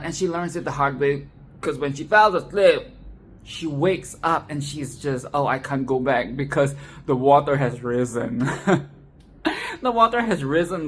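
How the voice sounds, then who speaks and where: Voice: medium pitch, a bit bright. A host giving a casual, sarcastic film review monologue, chatting loosely, laughing often and swearing freely.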